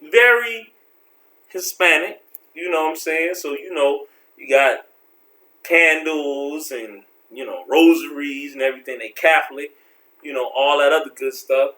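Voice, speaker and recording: A man telling a story from his life in a casual vlog, slangy and animated, acting out the people in it. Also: fairly high pitch, measured pace. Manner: animated, slangy, acts out voices.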